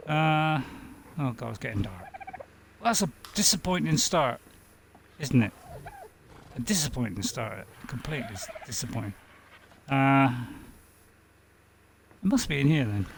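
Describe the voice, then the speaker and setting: A man's voice: medium pitch, gravelly, slight background noise. A man giving casual gameplay commentary as a streamer, rambling, talking to himself and chuckling often. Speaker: game streamer.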